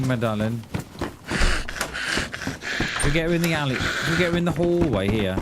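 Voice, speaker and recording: This is a man from Wales with a light Welsh accent, streaming a game live and chatting easily with his viewers. His voice sits in a plain middle register, and a steady noise runs under the home recording. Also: mid-range voice, moderate pace, pauses often. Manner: chatty, friendly, talks straight to viewers. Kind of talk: casual live-stream chat while playing.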